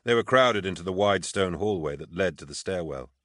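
Deep male narrator, measured, dry studio read. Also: expressive, fairly bright tone, no room sound. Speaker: audiobook narrator. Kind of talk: scripted narration.

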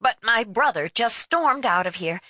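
A woman's voice: a little high, animated, normal speed, bright, forceful tone, no room sound, studio quality, pitched above the performer's own voice. A woman voicing a stern, harried middle-aged woman caller who grows breathless and desperate.

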